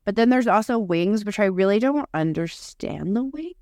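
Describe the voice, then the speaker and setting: A woman's voice: medium pitch, animated, normal speed, a little mellow, no room sound. A young woman co-hosting a podcast, chatty and swearing casually while reading lists aloud. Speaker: podcast co-host. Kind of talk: casual chat.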